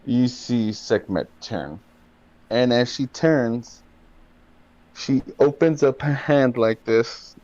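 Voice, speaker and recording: Guy dming a spooky tabletop game, slow and dramatic, kinda muffled lo-fi mic. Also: medium pitch, a little mellow, no echo. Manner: slow, drawn-out dramatic narration with swearing. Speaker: dungeon master.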